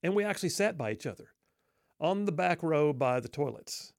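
A man's voice: on the high side, lively intonation, moderate pace, creaky, no echo, studio quality. A middle-aged man telling a humorous personal story in a wry, self-deprecating, folksy way.

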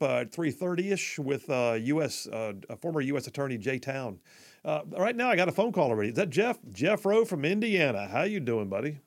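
Middle-aged male radio host, gravelly voice, rambles with lots of ums and restarts. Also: medium pitch. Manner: rambling, many fillers and restarts. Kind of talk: live talk radio monologue.

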